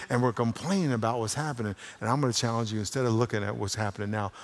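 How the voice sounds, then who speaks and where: A male pastor preaching a sermon, shifting between hushed talk and loud exhortation. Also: medium pitch, very fast, hardly any pauses. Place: church sanctuary. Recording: long reverb of a large hall.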